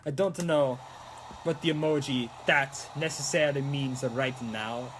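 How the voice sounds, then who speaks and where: A man's voice: mid-range voice, measured pace, background noise. A young man chatting casually and playfully as he builds a prop, now and then breaking into mock-Italian exclamations. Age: young adult. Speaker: prop-making streamer. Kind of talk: casual chat while crafting.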